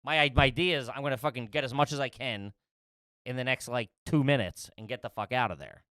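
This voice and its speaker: A man's voice: medium pitch, fast talker, a bit bright, smooth, no echo, studio quality. Rambling, profane man telling a story. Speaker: podcast co-host. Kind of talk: casual comedic storytelling.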